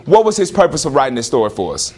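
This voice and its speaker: A man teaching a classroom lesson, questioning students and repeating prompts in an animated way. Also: medium pitch, very fast, husky.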